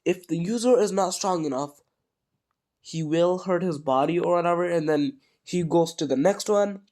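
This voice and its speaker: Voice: medium pitch, normal speed, darkish tone. A speaker with a cold rambling through a casual fan story, self-correcting often. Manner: rambling, many fillers and restarts. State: sick with a cold.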